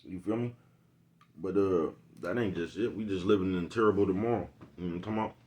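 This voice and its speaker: A man's voice: deep voice, fast, a little mellow. A man in a casual, rambling vlog monologue, cursing freely and asking "you know what I'm talking about" again and again. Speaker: vlogger.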